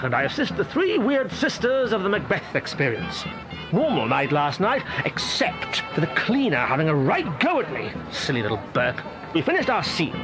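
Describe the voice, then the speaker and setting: A gossipy warlock, high lively voice, music behind him in the game. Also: male voice. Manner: chatty, mocking, acts out quotes in funny voices. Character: cheeky gossipy male warlock actor at a theme park.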